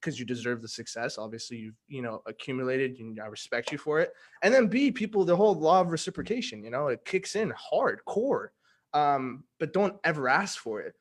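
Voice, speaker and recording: Slangy, animated young man. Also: fairly high pitch, brisk. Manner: slangy, animated, acts out quoted dialogue. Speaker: guest giving a testimonial. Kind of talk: casual storytelling in a conversation.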